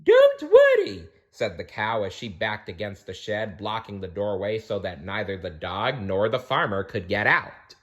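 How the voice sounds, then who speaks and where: A man reading a children's storybook aloud, expressive, with small slips and restarts. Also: on the low side, moderate pace, few pauses, highs cut off.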